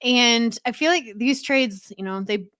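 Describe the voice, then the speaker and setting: A woman's voice: on the high side, measured pace, fairly bright tone, smooth, no room sound, clean studio sound. A woman co-hosting a casual football podcast, laughing often and ribbing her co-host. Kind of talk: casual sports chat.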